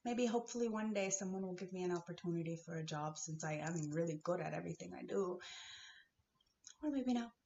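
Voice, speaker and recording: A woman from Kahnawake in Canada giving a heated spiritual rant to her viewers. She swears freely and swings between shouts and hushed whispers. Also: fairly low pitch, fairly quick. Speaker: vlogger. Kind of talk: emotional spiritual rant to camera. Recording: echoey dull-sounding room with faint hiss.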